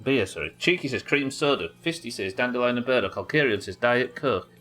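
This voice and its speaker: A man commentating his game live, with an animated voice that swings up and down. He chats with viewers and muses aloud as he plays. Faint music sits behind him. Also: mid-range voice, a little fast. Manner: chatty, thinks aloud and thanks viewers. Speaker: streamer.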